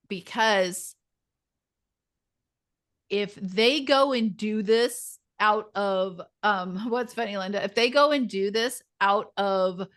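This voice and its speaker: A woman's voice: mid-range voice, takes it slowly, a bit bright. A woman leading a community group on a video call, talking casually and animatedly, often mimicking other people's voices.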